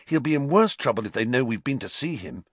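A man voicing a panicky, hot-tempered teenage boy wizard in an audiobook, hissing and shouting. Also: mid-range voice, big pitch swings, fast talker, breathy edge, no room sound. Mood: scared. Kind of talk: audiobook character voice.

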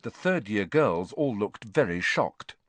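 A man narrating an audiobook in an expressive storytelling manner. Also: fairly low pitch, measured pace, dry recording. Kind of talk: scripted narration.

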